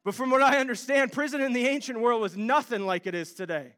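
A young man from Ohio preaching a sermon, telling animated stories with self-deprecating humor. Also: very high-pitched, fast talker, clear, resonant tone. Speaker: pastor.

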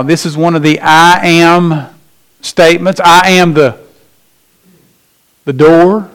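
A man preaching a sermon as pastor, emphatic, slowing down and rising in pitch to stress his points. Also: a bit bright.

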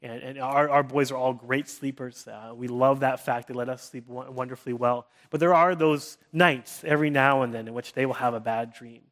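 A man's voice: mid-range voice, fairly even intonation, normal speed, few pauses. Earnest man preaching a sermon. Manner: earnest, with frequent restarts; drops to a soft hush for comforting quotes. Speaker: pastor.

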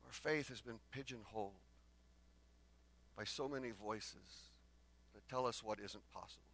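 A man's voice: on the low side, a little slow. Dynamic male pastor preaching a sermon. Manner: dynamic preaching that swings from loud bursts to hushed lines; acts out the exchanges between the prophets in their own voices.

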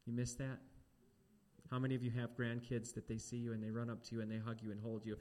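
A man preaching a sermon, animated and talking straight to the congregation with questions. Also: mid-range voice, fast talker.

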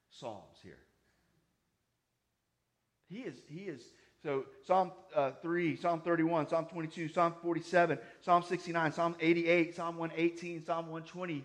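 A man preaching a sermon, emphatic, swinging between loud high stresses and quiet asides. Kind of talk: sermon teaching.

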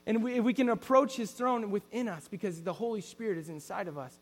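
A man's voice: high-pitched, brisk, hardly any pauses, long reverb tail. A man preaching a sermon in an earnest storytelling way, often restarting his sentences.

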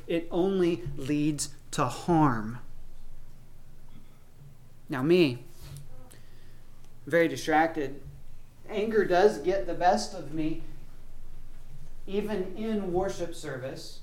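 A man preaching a sermon as pastor, talking conversationally and acting out the voices of people in his stories. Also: fairly high pitch.

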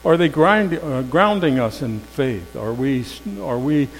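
A male preacher delivers a sermon in a loose, conversational storytelling manner, his voice set at an ordinary middle pitch. He moves from loud, emphatic passages to near-hushed ones. The sound carries a long hall reverb over a faint mains hum. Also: a little slow.

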